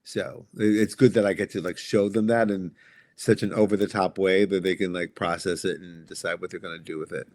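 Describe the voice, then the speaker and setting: A man's voice: low-pitched, steady tone, a little fast, a little mellow, no room sound. A man in his fifties as a podcast guest, talking casually and reflectively, often restarting his sentences. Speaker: guest comic writer.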